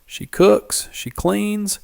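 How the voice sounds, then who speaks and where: Man playing a desperate gambler dad: croaky, stammering, pitched high, dry close read. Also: extremely slow, darkish tone, dry recording, heavily acted. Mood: pleading. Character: desperate aging gambler father, frantic and pleading.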